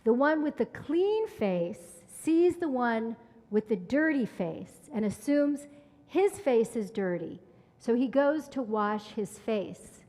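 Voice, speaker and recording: A woman voicing a patient, wise older male rabbi who questions calmly. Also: on the high side, slow pace, in a large hall.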